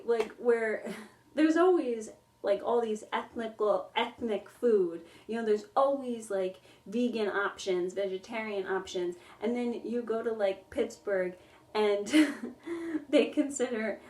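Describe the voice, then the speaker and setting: A woman's voice: a little high, recorded from a distance, slight background noise. A woman music therapist vlogging in a casual chat, rambling and full of "like", laughing often. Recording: roomy echo, voice somewhat off-mic.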